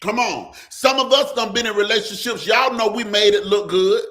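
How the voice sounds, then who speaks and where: A pastor hosting a live stream preaches in a call-and-response style, addressing viewers and their comments directly. His man's voice sits high and a bit bright at a moderate pace, and he keeps repeating "come on" while some lines drift into song.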